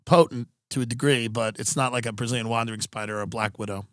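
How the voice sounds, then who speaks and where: A man's voice: medium pitch, dry recording, studio quality. Sardonic man telling a story. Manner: sardonic, animated anecdote-telling with quick asides. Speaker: podcast host. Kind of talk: comedic storytelling on a podcast.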